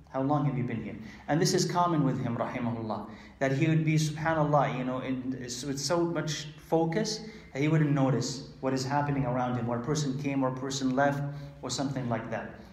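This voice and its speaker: A man giving a conversational religious lecture, acting out quoted exchanges and pausing with frequent fillers. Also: mid-range voice, a little mellow, reverberant. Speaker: Islamic lecturer.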